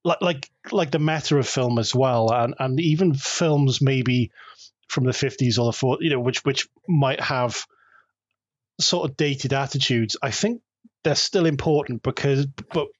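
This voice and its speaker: A man's voice: mid-range voice, unhurried, husky, no echo, lo-fi sound. A man co-hosting a podcast in casual chat, hesitant and full of fillers, laughing often. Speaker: podcast co-host.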